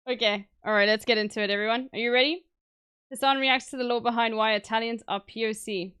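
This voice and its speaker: A woman's voice: a little high, steady tone, brisk, pauses often, a bit bright, clean tone, no room sound, studio quality. A young adult woman streamer chatting casually to her viewers, laughing often and using loose filler words.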